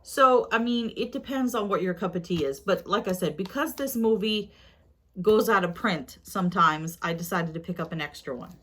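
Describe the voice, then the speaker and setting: A woman's voice: mid-range voice, lively intonation, normal speed. Chatty woman rambling through a haul. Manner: chatty and rambling, with asides to viewers. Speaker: haul vlogger. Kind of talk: casual haul chat to viewers.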